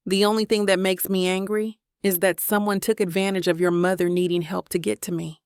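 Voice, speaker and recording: A woman reading the lines of a kind young man who speaks calmly and with compassion. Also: mid-range voice, fairly quick, smooth, dry recording, clean studio sound, close to an everyday voice. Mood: gentle. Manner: calm, gentle, compassionate.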